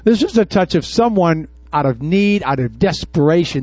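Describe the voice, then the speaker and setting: A man preaching to his congregation in a high voice, tossing out questions and acting out Bible scenes. The sound is dry and a little dull. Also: big pitch swings, normal speed, hardly any pauses, darkish tone, no room sound. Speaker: pastor. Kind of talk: sermon. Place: church before a congregation.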